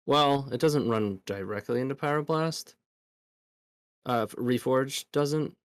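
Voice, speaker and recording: A man's voice: medium pitch, unhurried, clear, resonant tone, dry recording, clean studio sound. A tired man discussing card game plays in a casual chat, thinking aloud in a hesitant way. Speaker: guest player in a card game.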